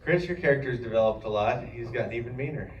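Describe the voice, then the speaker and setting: A man's voice: mid-range voice, fast talker, muffled recording. A man moderating a convention panel, enthusiastically praising the guests and setting up their questions like a fan. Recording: echoey hall recorded from far off with noise.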